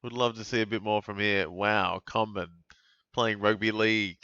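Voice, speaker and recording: Male host, live match reactions, bright smooth tone, dry dull lo-fi recording. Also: fairly low pitch, fairly even intonation, moderate pace, no echo. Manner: reactive, exclaiming at plays, chatty. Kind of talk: live fantasy sports watch-along commentary. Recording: dull lo-fi dry mic sound.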